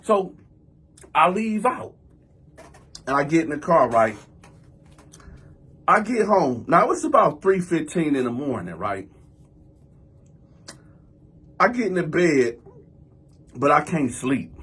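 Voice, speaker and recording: A man's voice: fairly high pitch, big pitch swings, a little slow, pauses often, a bit bright, slightly rough. A man hosting his own channel, telling a personal story in a loose, conversational way and acting out scenes with sound effects. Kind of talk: storytime vlog.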